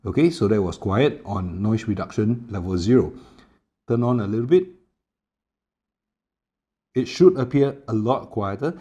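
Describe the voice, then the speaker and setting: In a home room with an air conditioner running, a man casually tests a small wireless clip-on mic for a product demo vlog. He's a tech reviewer who speaks in a fairly low pitch, unhurried and pausing often, with plenty of fillers in his relaxed explanations.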